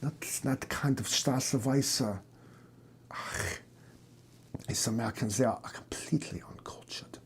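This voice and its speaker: A man's voice: mid-range voice, a little slow, mellow, slight background noise, close to an everyday voice. A man doing a pompous German psychoanalyst. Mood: indignant. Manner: stiff, formal, fussy and easily offended.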